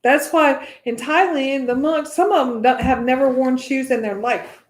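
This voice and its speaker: Woman from the US, meditation teacher, casual teaching, keeps asking "right?", bright high voice, roomy echo. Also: moderate pace. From United States. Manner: chatty, often adds "right?".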